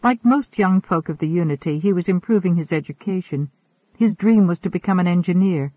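A man reading a novel aloud in a measured, even narration. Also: high voice, dry recording. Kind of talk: audiobook narration. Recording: narrow phone-like sound.

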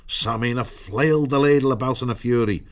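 A man reading an audiobook in a measured storytelling manner. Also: mid-range voice, highs cut off. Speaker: narrator. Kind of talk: audiobook narration.

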